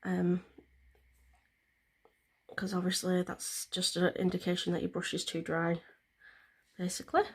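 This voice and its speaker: A woman's voice: fairly low pitch, monotone, a little slow, pauses often, slightly rough. A woman vlogger, explaining a nail tutorial in a chatty, rambling way with plenty of fillers. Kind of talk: casual step-by-step tutorial.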